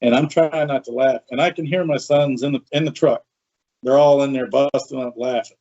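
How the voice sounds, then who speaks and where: A man hosting a podcast tells a story in a chatty, animated way, full of asides. His voice sits at an ordinary middle pitch. The recording sounds dull and lo-fi. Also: moderate pace. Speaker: podcast host. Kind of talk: casual storytelling.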